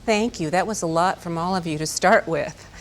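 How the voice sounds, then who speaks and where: A woman's voice: lowish voice, normal speed, a little hiss or hum. A woman hosting a broadcast program, introducing a filmed segment with polite on-air introductions. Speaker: host. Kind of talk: scripted TV hosting.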